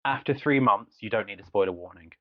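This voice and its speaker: A man co-hosting a podcast, telling stories in a casual, animated way, laughing often and swearing freely. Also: fairly low pitch, fast talker, no room sound. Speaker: podcast co-host. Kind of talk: casual chat. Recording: dull lo-fi dry podcast audio.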